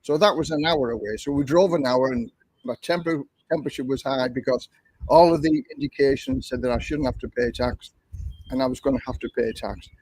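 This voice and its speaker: Husky older Englishman telling a story. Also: medium pitch, a little fast, a little mellow, no room sound, poor audio. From England. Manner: chatty, repetitive, conversational storyteller. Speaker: livestream host. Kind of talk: casual livestream storytelling.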